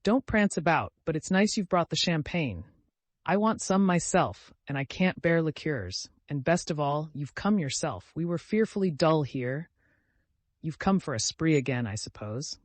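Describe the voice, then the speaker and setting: A man voicing a proud young woman, speaking high and insistently, with a reproachful edge. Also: lively intonation, moderate pace, no room sound. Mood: insistent, coaxing.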